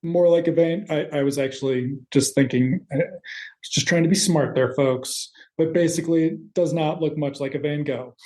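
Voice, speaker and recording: A man co-hosting a podcast, casually recapping a TV episode in rambling, quick asides with the odd swear word. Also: fairly high pitch, steady tone, a little mellow. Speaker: podcast co-host.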